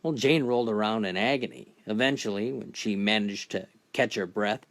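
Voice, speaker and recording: A man narrating a string of dirty jokes in a deadpan storytelling manner, briefly lifting his voice for the characters. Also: lowish voice, normal speed, few pauses. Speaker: joke teller.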